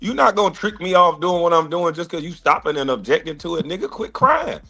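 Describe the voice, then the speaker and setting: A man with a bright, forceful, fairly high voice argues heatedly. He is taunting and dismissive and swears freely as he mocks the other man. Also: big pitch swings, a little fast. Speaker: former pro basketball player and livestreamer. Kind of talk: heated casual argument.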